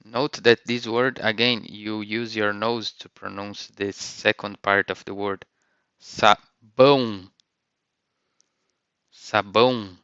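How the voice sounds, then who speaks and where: A man teaching vocabulary in a lesson, saying each word slowly and clearly and repeating it twice. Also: on the low side, level tone, pushed and bright, no echo, lo-fi sound. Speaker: language teacher.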